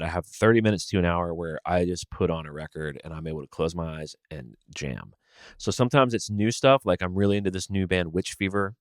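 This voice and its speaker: A man's voice: sits low, no room sound, studio quality. A man hosting a solo podcast, chatting casually and rambling as he thinks aloud. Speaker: podcast host.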